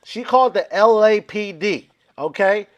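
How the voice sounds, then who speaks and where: A man with a high-pitched voice spins a long comic story in a casual chat. He acts out every quote with lively voices and swears freely as he goes. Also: a little slow. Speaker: comedian guest. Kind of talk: storytelling on a comedy podcast.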